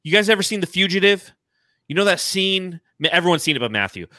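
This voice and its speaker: A man's voice: high-pitched, sing-song, fast talker, sharp tone, no echo, studio quality. An American man in his thirties hosting a fan podcast livestream, emotional and swearing freely as he reads out donations. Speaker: podcast host. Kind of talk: excited casual livestream chat.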